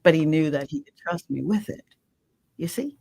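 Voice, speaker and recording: Middle-aged woman guest, radio host herself; passionate testimony with sudden hushed drops, dry sound. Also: sits low, normal speed, gravelly, no echo, rough recording. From Mississippi. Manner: impassioned, swings from loud emphatic to hushed. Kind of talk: emotional personal testimony.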